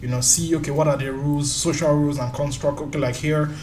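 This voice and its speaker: A man from Nigeria telling stories in a casual interview, lively and quick to act out voices. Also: fairly high pitch, slight background noise. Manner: lively storyteller, acts out voices and laughs often. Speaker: tech YouTuber and guest. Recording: roomy echo.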